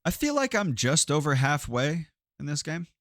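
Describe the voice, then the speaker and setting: A man's voice: fairly high pitch, sing-song, moderate pace, fairly bright tone, dry recording, clean studio sound. A man doing casual let's-play commentary, chatty, swearing often and laughing. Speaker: streamer playing a game. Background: game music.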